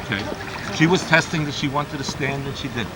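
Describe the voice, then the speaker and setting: On noisy 1990s camcorder audio, a medium-pitched male swim instructor teaches a child at a camp pool. He gives brisk, commanding directions mixed with bursts of encouragement while explaining his method to staff who are watching.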